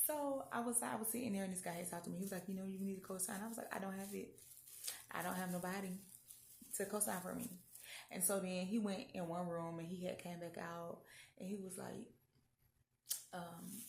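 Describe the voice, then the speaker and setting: A young adult woman telling a faith story in a casual, animated way, jumping between loud and hushed tones. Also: medium pitch, vocal fry. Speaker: vlogger. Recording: echoey room.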